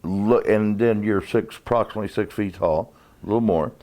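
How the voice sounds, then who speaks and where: A man, a former wrestler, telling stories in a casual interview, rambling and halting with many restarts. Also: fairly low pitch, mellow.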